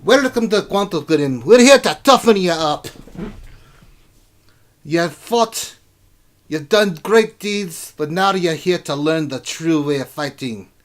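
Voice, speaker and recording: A man voicing a gruff, loud old dwarf king in a tabletop game. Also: on the high side, animated, takes it slowly, pitched above the performer's own voice. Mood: blustering. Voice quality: gruff, shouting.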